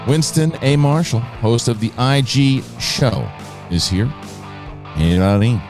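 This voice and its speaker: A man's voice: mid-range voice, animated, slow pace, music in the background. A man in his thirties hosting a live talk show, telling stories animatedly, laughing often and acting out his kids' voices. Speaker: host. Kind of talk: casual live show chat.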